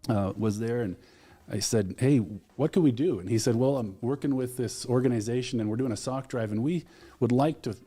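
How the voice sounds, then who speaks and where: A man's voice: medium pitch, fairly quick, warm tone. A man being interviewed as an alumni relations director, earnestly retelling events with quoted dialogue. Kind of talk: radio interview guest.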